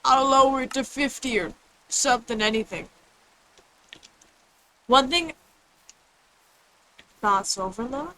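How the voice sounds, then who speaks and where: Woman game streamer, bright clear voice, slightly high, rambling casual chat, faint room hiss. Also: slow, pauses often, low-quality recording. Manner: chatty, rambling, reads chat aloud. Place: home room with others nearby.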